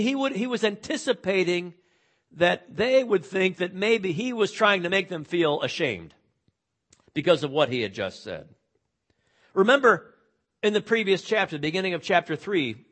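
A man's voice: sits high, a bit bright. Man preaching in a conversational way. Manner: conversational preaching with dramatic scripture reading; frequent word repeats and restarts. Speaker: pastor. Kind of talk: sermon.

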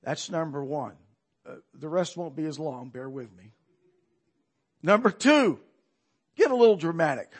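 A man's voice: a little high, expressive, a little slow, pauses often. A man preaching a sermon in a conversational, emphatic way, asking his listeners rhetorical questions.

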